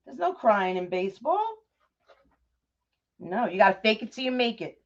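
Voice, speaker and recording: In dull, lo-fi livestream audio, a middle-aged woman runs a bow-making craft show with a fairly high, animated voice. She keeps a moderate pace but pauses often, chatting casually, laughing a lot and greeting viewers by name.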